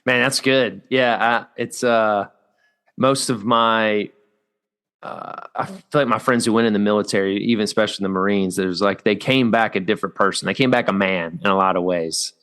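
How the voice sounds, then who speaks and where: Man, podcast host, low smooth voice, relaxed questions. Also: normal speed. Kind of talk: casual interview chat.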